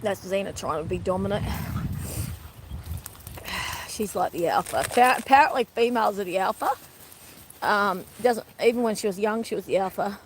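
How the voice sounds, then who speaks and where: A woman's voice: medium pitch, moderate pace, pauses often, a little hiss or hum, rough recording. A middle-aged woman vlogging casually while walking her dogs outdoors, chatting to her viewers and turning to talk to the dogs now and then. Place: outdoors on a walk by water. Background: birds and dogs.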